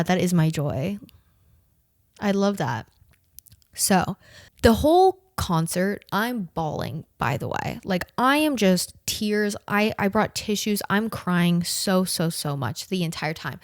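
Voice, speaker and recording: A young woman in her twenties from the southern United States, telling a story in a casual, animated, profane way, full of slang and "like". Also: mid-range voice, dry recording, clean studio sound. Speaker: podcast host.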